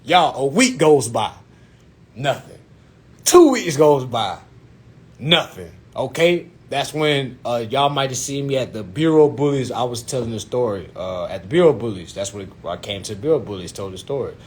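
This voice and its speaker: A young man telling a personal story to his viewers in an animated, profane way, repeatedly asking if they follow him. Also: medium pitch, normal speed. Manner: animated, profane, addresses viewers as "y'all", keeps asking "you know what I'm saying".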